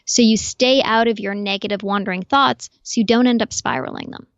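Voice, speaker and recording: A woman guest on a podcast, explaining calmly and clearly in an instructive way. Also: medium pitch, a little fast, no room sound, lo-fi sound. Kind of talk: explanatory interview talk.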